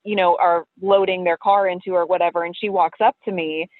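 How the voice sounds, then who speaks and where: A woman's voice: on the low side, fairly even intonation, fairly quick, no room sound. A woman calling in to a podcast, telling a story casually and animatedly, laughing often. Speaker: listener caller. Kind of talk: casual storytelling over the phone. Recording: tinny phone line, dry.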